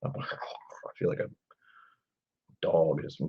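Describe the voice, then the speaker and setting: A man in his forties with a low, husky voice chats casually on a live stream, thinking out loud and drifting into trailing asides. The stream audio is dull and lo-fi. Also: expressive, normal speed. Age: 40s. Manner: musing aloud, rambling with trailing asides. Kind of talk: casual live-stream whiskey tasting chat.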